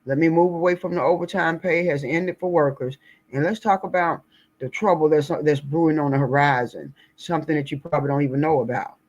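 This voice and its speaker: A woman's voice: low voice, a little fast, a little mellow, dull audio. Blunt woman. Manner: blunt, indignant, folksy. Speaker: political commentary vlogger. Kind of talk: casual political commentary. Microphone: screen-share recording.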